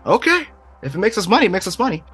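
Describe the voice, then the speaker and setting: A man's voice: high voice, big pitch swings, very fast, a bit bright, slightly rough, faint music behind, voice pushed up, exaggerated voice. A man voicing a profit-minded woman executive who demands clarity and cares only for money. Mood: skeptical, mercenary. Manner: clipped, skeptical, mercenary.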